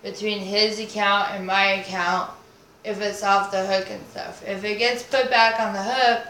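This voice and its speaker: A woman's voice: medium pitch, steady tone, a little slow, fairly bright tone. A woman guest on a podcast, chatting casually in a rambling way, swearing and making up nonsense words. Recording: roomy echo, faint noise.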